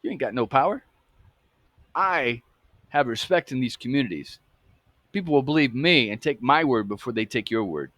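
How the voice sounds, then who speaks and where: A man's voice: medium pitch, animated, moderate pace, pauses often, fairly bright tone, no room sound. A man voicing a male authority figure who sneers and curses at a child. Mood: contemptuous. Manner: taunting, contemptuous, cursing.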